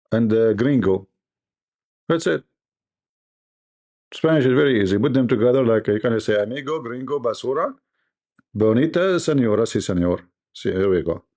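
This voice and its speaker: A man's voice: mid-range voice, animated, moderate pace, pauses often, mellow. Joking male livestream host. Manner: joking storyteller, mimics voices, laughs often. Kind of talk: livestream debate chat.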